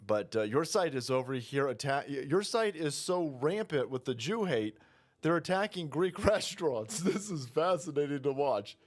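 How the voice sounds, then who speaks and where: A man rants through profane political commentary, mocking the people he discusses and mimicking them in high voices. His delivery is expressive and at a normal speed.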